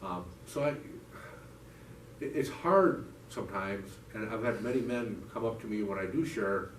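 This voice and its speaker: Speaking at a moderate pace in a lowish voice, a man shares his own story with a church recovery group, heartfelt and rambling, restarting often and saying "you know." It's captured in an echoey church meeting room from a distant mic, with a little background noise.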